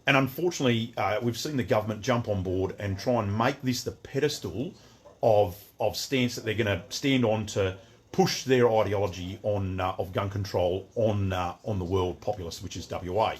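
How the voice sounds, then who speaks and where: A man's voice: lowish voice, normal speed. Chatty Australian man on a livestream. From Western Australia. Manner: chatty, greets viewers by name, rambling restarts. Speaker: shop owner hosting a livestream. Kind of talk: casual livestream rant.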